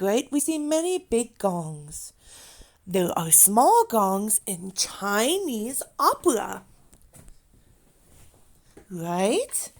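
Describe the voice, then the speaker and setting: A woman teaching young learners, sounding out words slowly, prompting them to repeat and praising them often. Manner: slow, drawn-out teacher talk, lively pitch, praises and prompts. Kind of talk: children's online lesson.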